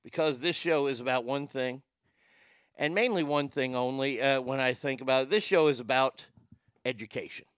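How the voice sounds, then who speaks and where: A male show host delivers a casual talk-show monologue in a folksy, rambling, profane style with many restarts. His mid-range voice is a bit bright and clean, with fairly even intonation and a moderate pace. The studio recording is dry and clean.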